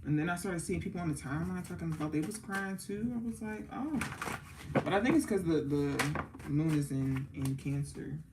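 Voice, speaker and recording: Heavy background noise surrounds a young tarot reader hosting her livestream in a low-pitched, animated voice at a moderate pace. Sleepy and exhausted, she chats casually and loosely, singing along to the music between comments.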